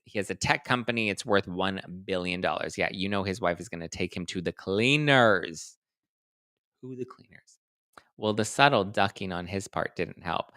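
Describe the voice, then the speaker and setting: A man's voice: lowish voice, sharp tone, smooth, no room sound, studio quality. A male host chatting casually through celebrity gossip and reading out viewer comments, in a sassy, playful way with dramatic mock outrage.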